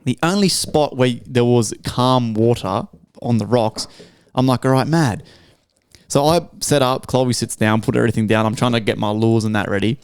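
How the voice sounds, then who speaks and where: A young man with an Australian accent tells a rambling story, swearing constantly and leaning on slang. His voice sits at an ordinary middle pitch. The recording is close and dry, with no room sound. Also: normal speed, clear, resonant tone, dry recording. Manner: profane, animated storytelling with heavy slang. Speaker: podcast co-host. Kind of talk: casual chat.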